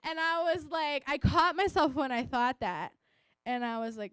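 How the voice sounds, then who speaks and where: A woman's voice: sits high, lively intonation, normal speed, fairly bright tone, no room sound. A young adult woman, a missionary teacher, giving a casual personal testimony in a chatty way, full of "like", laughing often and acting out what she said at the time. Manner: chatty, frequent "like", laughs often, acts out her own past remarks.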